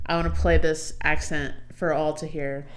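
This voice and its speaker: A woman's voice: sits low, little pitch movement, moderate pace. A woman co-hosting a podcast, chatting casually and joking, with some swearing. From Ohio, USA. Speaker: podcast co-host. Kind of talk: casual chat.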